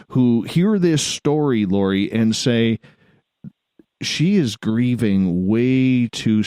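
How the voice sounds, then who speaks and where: A man hosting a late-night talk radio interview, asking his guest questions in a measured, polite way. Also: mid-range voice, dark tone, no room sound, clean studio sound. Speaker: radio host.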